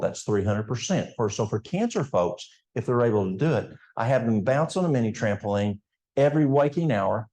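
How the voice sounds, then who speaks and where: A man's voice: mid-range voice, mellow, echoey room. An older man with an East Tennessee Appalachian accent, giving a folksy health seminar talk in a church and addressing the audience directly. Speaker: health educator.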